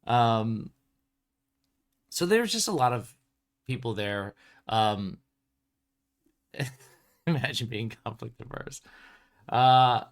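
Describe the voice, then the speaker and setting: A man in casual livestream chat with an ordinary mid-range pitch. He rambles loosely, leaning on "um" and "like" and breaking into laughs between thoughts. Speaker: tabletop game publisher and show host.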